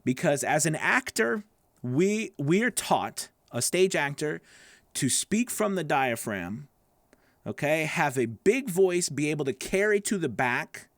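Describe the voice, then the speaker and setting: A voice acting coach talks straight to his students, his slightly nasal, gravelly voice rising and falling a lot as he rambles and restarts. He keeps checking in with them as he goes. The sound is close and dry, with no room in it. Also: on the high side, very animated, a little slow, fairly bright tone, dry recording. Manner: loose, rambling, with restarts and checks like "okay? right?". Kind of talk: casual teaching to camera.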